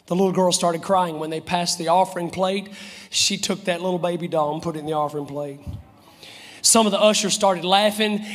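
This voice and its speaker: A man preaching an impassioned sermon, repeating phrases and dropping to whispers. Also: high-pitched. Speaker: pastor. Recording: live sermon in a reverberant church.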